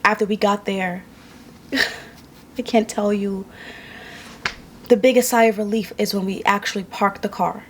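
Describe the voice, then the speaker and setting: A woman's voice: medium pitch, steady tone, measured pace, pauses often, slight background noise. A young adult woman from New York tells a personal story to camera in a candid, emotional, conversational way, indoors at home. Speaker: vlogger. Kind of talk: casual storytelling vlog.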